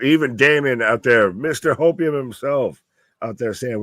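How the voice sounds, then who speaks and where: A man's voice: medium pitch, animated, measured pace, a bit bright, no room sound, clean studio sound. A man co-hosting a live wrestling watch-along, swearing heavily and trailing off mid-sentence in exasperation. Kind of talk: profane live commentary chat.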